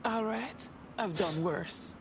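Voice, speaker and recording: A woman's voice: medium pitch, slow pace, background noise, close to an everyday voice. A woman playing a blunt, exasperated recruit. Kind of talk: video game voice acting. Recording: game audio with music.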